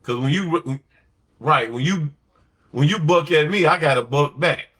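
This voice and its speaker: A man's voice: on the high side, unhurried, fairly bright tone. A man talking on a late-night podcast in a blunt, slangy, emphatic way, telling stories and giving opinions. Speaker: podcast host.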